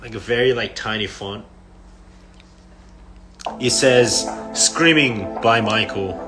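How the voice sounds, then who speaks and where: Over music, a young man talks slowly in a lowish voice to fans on a phone livestream. His stories wander, packed with fillers like "like" and frequent laughter.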